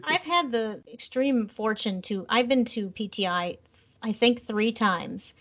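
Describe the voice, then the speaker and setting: Lively woman from Minnesota telling stories. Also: on the high side, measured pace, dull audio, slight background noise. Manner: animated, acts out quotes in other voices. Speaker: podcast guest. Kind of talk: casual storytelling.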